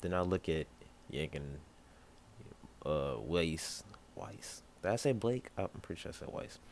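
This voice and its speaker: A young man with a very low voice tells an improvised fan story in a loose, rambling way. He fills gaps with "yada yada" and briefly pops up his pitch for other characters. Faint hiss runs underneath. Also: animated, moderate pace, darkish tone.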